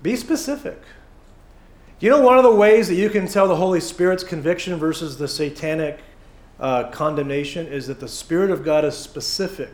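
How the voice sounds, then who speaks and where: A man delivers a sermon in a relaxed, conversational way, joking with the congregation and slipping into little acted asides. His voice sits high for a man, and the sound rings with the echo of a church hall. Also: normal speed. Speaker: pastor. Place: church sanctuary.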